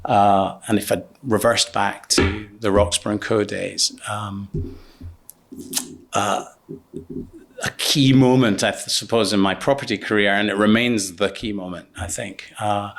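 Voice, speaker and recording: Man, low-voiced, hesitant storyteller. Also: steady tone, slow pace, a bit bright. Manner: hesitant, many ums and restarts. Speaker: business partner guest. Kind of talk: anecdotal interview storytelling.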